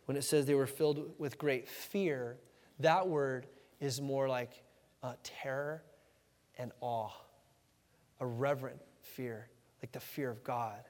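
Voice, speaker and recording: A man preaching a sermon in a lively, conversational way, acting out the voices in the story with sudden shouts. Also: mid-range voice, slow, long pauses. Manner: animated, conversational, acts out quoted voices with shouts. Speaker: pastor. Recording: hall reverb.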